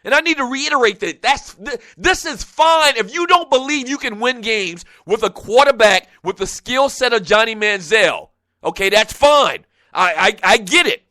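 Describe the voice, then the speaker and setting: Fired-up sports talk host, high bright voice. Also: male voice, animated, normal speed, no room sound. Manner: fired up, exclaiming, repeats himself. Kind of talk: animated sports talk rant.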